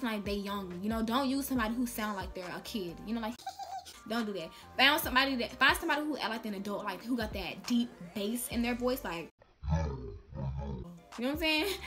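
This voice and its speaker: Young woman vlogger, sassy and playful, slightly high voice over light music. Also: a bit bright. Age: young adult. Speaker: vlogger giving job tips. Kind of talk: casual chat to camera.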